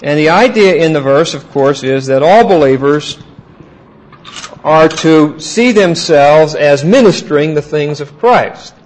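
A man teaching a Bible class, asking his students questions and repeating key points slowly. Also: fairly high pitch, expressive, low-quality recording.

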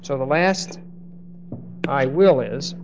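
A man's voice: mid-range voice, expressive, a little mellow, slight background noise. Emphatic male Bible teacher, dull lo-fi recording. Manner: emphatic, slows and stresses key words; frequent hesitations and restarts. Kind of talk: Bible study lecture.

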